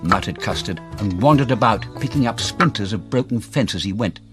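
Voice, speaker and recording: A man narrating a children's story in a lively, playful way. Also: on the low side, fairly quick, over music.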